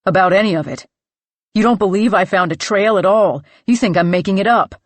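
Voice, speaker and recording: Woman narrator doing a frantic young man, shouting and accusing. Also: fairly low pitch, lively intonation, normal speed, slightly rough, no echo. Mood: ranting, accusing.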